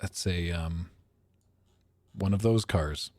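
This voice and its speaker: A man with a deep, darkish voice speaks slowly, with no echo in the recording. He's streaming a geography guessing game in casual livestream commentary, thinking aloud, chuckling, and poking fun at his own guesses.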